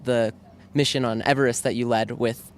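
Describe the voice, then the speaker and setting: A man's voice: mid-range voice, flat delivery, moderate pace, a little hiss or hum. A man asking interview questions hesitantly, with many fillers.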